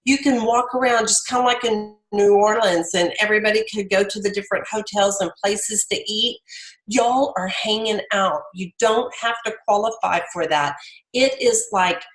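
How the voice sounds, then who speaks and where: A middle-aged woman gives her team a casual motivational pep talk over a video call, rambling and chatty with plenty of fillers and restarts. Her voice is medium-pitched at a moderate pace, and the low-quality recording sounds roomy.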